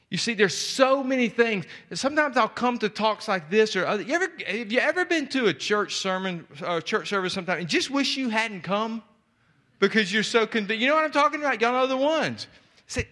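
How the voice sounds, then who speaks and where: Man, high voice, passionate sermon, emphatic repetition. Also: animated, brisk, sharp tone. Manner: impassioned preaching, repetitive emphatic phrasing. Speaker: speaker at church event. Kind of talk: sermon-style exhortation.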